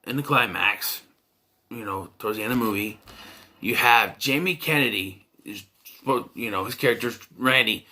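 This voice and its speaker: A man's voice: mid-range voice, sharp tone. A man giving a casual, rambling movie review full of fillers and restarts.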